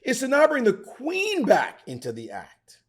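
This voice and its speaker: Lively, excitable man explaining chess. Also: very high voice, a little slow, slightly rough. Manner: excitable, theatrical, talks straight to the viewer. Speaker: chess grandmaster teaching. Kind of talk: animated chess commentary.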